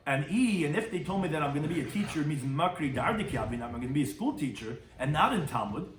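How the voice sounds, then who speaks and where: Fast, high-voiced rabbi teaching Talmud. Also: male voice, expressive, reverberant, distant mic, a little hiss or hum. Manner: translates Hebrew and Aramaic terms in quick bursts. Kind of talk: Talmud lecture.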